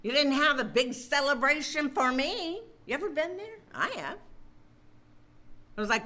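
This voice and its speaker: A woman's voice: high voice, lively intonation, moderate pace, bright, forceful tone. A woman preaching a sermon, drawing out her words for emphasis and turning to her listeners with asides.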